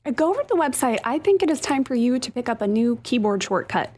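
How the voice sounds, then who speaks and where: A woman co-hosting a podcast, chatty and brisk as she runs through news items. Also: fairly high pitch, big pitch swings, darkish tone. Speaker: podcast co-host. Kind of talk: casual chat, reading news items.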